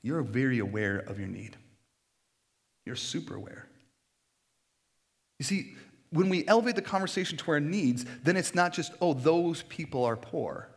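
A man preaching a sermon in a conversational, animated way, now and then acting out quoted voices. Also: a little high, normal speed, long pauses. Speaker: pastor.

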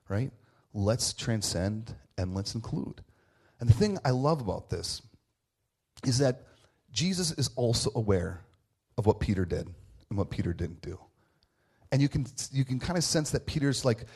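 In a husky, darkish mid-range voice with lively intonation at a normal pace, a pastor in his thirties delivers a casual, conversational sermon. He speaks earnestly and informally, shares personal stories, restarts phrases, and keeps asking "right?"

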